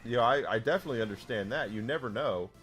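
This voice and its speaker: A man with a mid-range, fairly bright voice talks fast while streaming a game, chatting casually with his viewers. He rambles through stories, restarting often and swearing they're true, with faint game music underneath.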